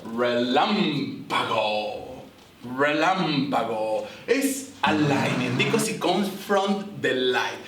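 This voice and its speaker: A man presenting a playful word-of-the-week segment on a school news show, animated and teasing, drawing out the Spanish words. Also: high-pitched, roomy sound, distant mic.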